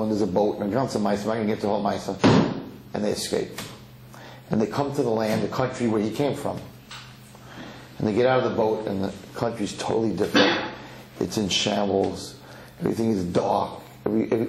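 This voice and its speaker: A rabbi giving a sermon, telling a parable in an animated storytelling manner with some Yiddish words, in an echoey lecture hall. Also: male voice, lowish voice, fast talker, heavy background noise. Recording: echoey hall, faint ambience.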